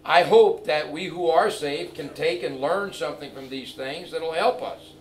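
A middle-aged male evangelist preaching a sermon in a church, telling a story and building to loud, emphatic preaching. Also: a little high, a little slow, a little hiss or hum. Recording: echoey church from far off.

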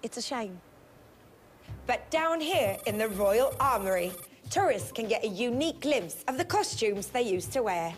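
A woman's voice: fairly high pitch, expressive, normal speed, natural voice. A woman playing a clueless, chirpy, self-important Eurovision spokesperson in a comic mock travel report. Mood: bumbling. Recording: music playing underneath.

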